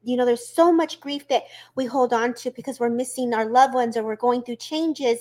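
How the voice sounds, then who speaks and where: High-voiced animated woman. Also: normal speed, few pauses. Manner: animated and encouraging, warm spiritual talk. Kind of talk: casual spiritual chat.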